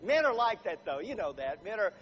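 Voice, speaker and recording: Man, high voice, humorous motivational talk, quizzes the audience, dull lo-fi sound. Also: very animated, a little fast, a bit bright. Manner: chatty, quizzes the crowd with show-of-hands questions. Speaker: motivational speaker. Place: room with a live audience. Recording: dull lo-fi recording with faint noise.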